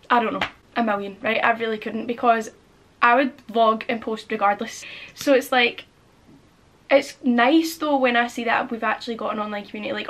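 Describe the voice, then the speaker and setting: A woman's voice: a little high, fairly bright tone. A woman of twenty-one, vlogging in a rambling, chatty way full of filler words. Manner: chatty, rambling, fills speech with "like". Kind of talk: casual chatty vlog.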